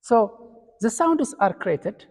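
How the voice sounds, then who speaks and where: A man's voice: extremely high pitch, big pitch swings, slow pace. A man from Ethiopia with an Ethiopian accent, giving a classroom lecture step by step with fillers and restarts. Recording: long hall reverb.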